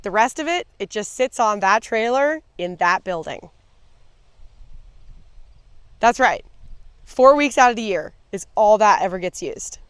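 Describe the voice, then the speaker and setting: A woman's voice: medium pitch, lively intonation, normal speed, a bit bright, no echo. A woman, a farmer and vlogger, explaining harvest equipment in an upbeat, amused way, recorded outdoors on a farm. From USA. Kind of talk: casual vlog narration. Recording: outdoor recording with clear machinery noise. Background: vehicle and machinery noise.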